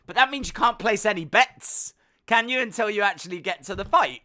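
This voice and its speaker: A man's voice: high-pitched, animated, fairly quick, sharp tone. A man hosting a fight-night watch-along stream, chatting casually, reading chat messages and making jokey asides.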